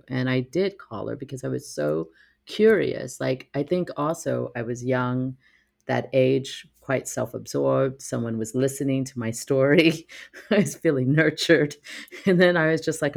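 A man telling a personal story in a reflective, halting way, with many pauses and restarts. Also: medium pitch, creaky.

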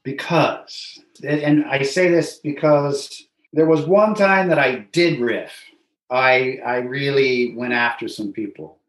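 An American man, an interview guest, telling stories in a lively, casual way. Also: medium pitch, slow pace. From United States. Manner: animated storyteller who acts out voices. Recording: roomy echo.

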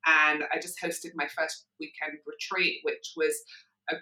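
A woman's voice: deep voice, level tone, unhurried, pushed and bright, echoey room, poor audio. A woman, a sobriety coach talking frankly and earnestly as a podcast guest. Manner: earnest, forthright, plain-spoken. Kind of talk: casual podcast conversation. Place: lives in Perth, Australia.

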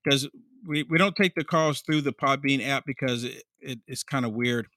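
A man hosting a talk show, energetic and repeating himself as he chats and takes callers. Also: medium pitch, normal speed, dry recording, studio quality. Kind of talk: casual talk show chat.

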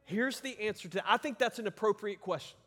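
A man's voice: high-pitched, brisk, fairly bright tone, long reverb tail, soft background music. A male pastor preaching a sermon, earnest and emphatic, repeating words for stress.

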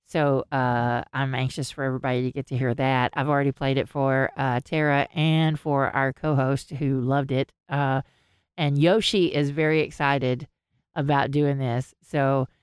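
Rambling woman with a low voice. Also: clear, resonant tone, no room sound, studio quality. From American South. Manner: rambling storyteller, laughs often, swears freely. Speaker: podcast co-host. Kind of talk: casual chat.

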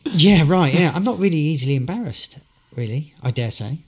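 A man's voice: fairly high pitch, lively intonation, a little fast. An actor, a man, telling good-humoured, rambling anecdotes as a guest in a casual interview.

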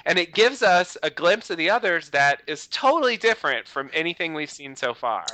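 Podcast co-host, male, somewhat high and very bright, rambling casual talk. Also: sing-song, moderate pace, dry recording, rough recording. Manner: rambling, lots of "you know" fillers. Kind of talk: casual chat.

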